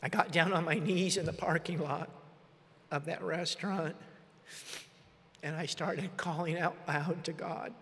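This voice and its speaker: A middle-aged man preaching a sermon story, talking with strong emotion that swings from quiet to loud. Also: on the high side, fairly even intonation, measured pace, pauses often. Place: large meeting hall. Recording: long hall reverb.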